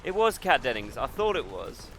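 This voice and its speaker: A man's voice: medium pitch, very animated, normal speed, fairly bright tone, slight background noise. A man streaming a shooter game, chatting in a rambling, musing way and muttering at the game between thoughts, with game music and gunfire behind him. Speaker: gaming streamer. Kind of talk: casual stream chat while gaming.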